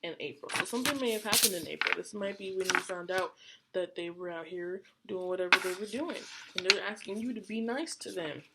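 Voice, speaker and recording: A woman's voice: fairly low pitch, a little fast. A woman giving a casual tarot reading from home, speaking straight to her viewers in a chatty style and often repeating herself. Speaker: tarot reader. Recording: noisy recording with clicks.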